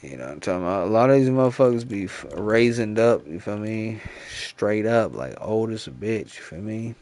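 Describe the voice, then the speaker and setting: A man in his thirties, a gaming streamer, rants casually into a headset mic. His voice is on the low side, a little mellow and expressive, at a normal speed. His talk is profane and slangy, stuffed with repeated fillers.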